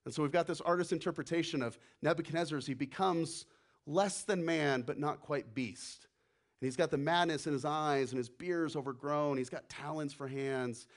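A man preaching a sermon as the pastor, animated, acting out the voices he quotes and dropping to a hush for emphasis. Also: a little high.

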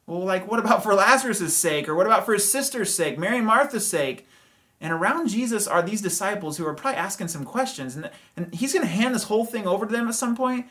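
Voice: medium pitch, animated, quick pace, fairly bright tone. A pastor preaching a sermon in a conversational way, with hedges, rhetorical questions and light chuckles.

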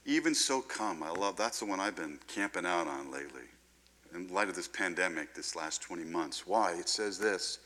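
Deep-voiced guy preaching, chatty and animated, crisp bright edge, keeps saying right?. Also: normal speed. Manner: animated, conversational, often asks "right?". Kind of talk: sermon.

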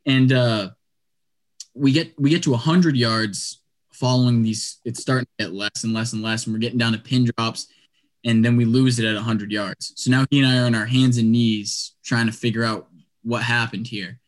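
A young man casually telling a long story on a podcast, chatty and animated, peppering his talk with "like" and "dude". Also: medium pitch, normal speed.

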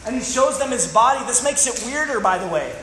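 A man preaching a sermon as pastor, animated and joking, acting out the scenes he describes. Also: extremely high pitch, brisk, a little hiss or hum. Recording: echoey hall with faint room ambience.

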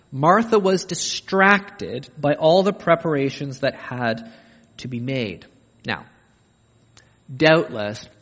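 A man delivers a sermon with a somewhat high voice that rises and falls as he acts out quoted voices. He mixes humorous asides into the preaching. His words ring out with a long reverb, as in a big hall. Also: a bit bright. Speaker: pastor.

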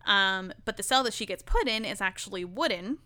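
A woman's voice: mid-range voice, expressive, a little fast, sharp tone. A woman co-hosting a podcast, casually recapping episodes with lots of ums, likes and swearing. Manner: loose and profane, many ums and likes. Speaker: podcast co-host.

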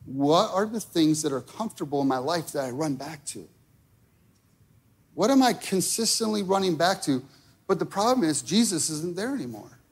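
A man's voice: fairly high pitch, animated, normal speed, slightly rough. A man preaching a sermon, conversational and direct, checking in with the listeners often. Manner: conversational preaching with frequent okay and right. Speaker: pastor.

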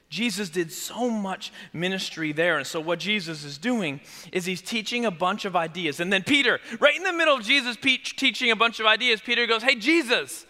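Male pastor, sermon delivery, very bright and forceful tone, long hall reverb. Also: sits high. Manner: animated, conversational preaching, drops to quiet emphasis.

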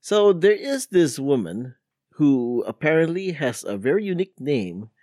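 Male podcast co-host, lively pitch, dry close sound, reads news items loosely. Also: dry recording. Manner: laughs often, trailing fillers. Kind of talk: casual podcast chat.

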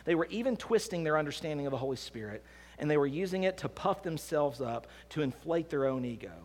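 A man preaching a sermon as pastor, swinging between hushed and emphatic delivery. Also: fairly high pitch, lively intonation, quick pace. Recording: long hall reverb.

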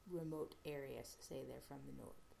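A woman casually retelling an episode's plot as a podcast host, halting often with fillers and restarts. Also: very deep voice, creaky, warm tone, slight background noise.

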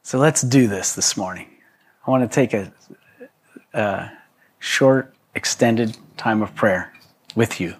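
A man's voice: on the low side, takes it slowly, long pauses, slightly rough. A man preaching to a congregation in a loose, conversational way, with joking asides and frequent restarts. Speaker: pastor. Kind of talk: conversational sermon.

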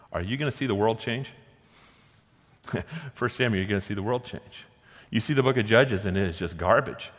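A man's voice: mid-range voice, animated, fairly bright tone. Preaching man in a reverberant hall. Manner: preaching with rhetorical questions, slowing down to stress verses. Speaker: pastor. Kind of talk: sermon.

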